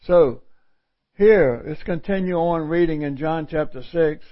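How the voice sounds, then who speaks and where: A middle-aged pastor preaches a sermon in a fairly high, unhurried voice, reading scripture aloud and explaining it folksily while repeating phrases for emphasis. The recording is dull and lo-fi.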